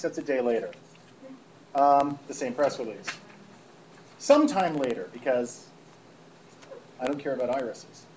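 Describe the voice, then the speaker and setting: A man's voice: medium pitch, animated, a little slow, pauses often, a little mellow, slight background noise, low-quality recording. A man hosting a radio show, sarcastically reading out press releases to a live audience and mocking them. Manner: sarcastic, mocking, breaks into laughter. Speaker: radio host. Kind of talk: comedic live show talk, reading emails aloud.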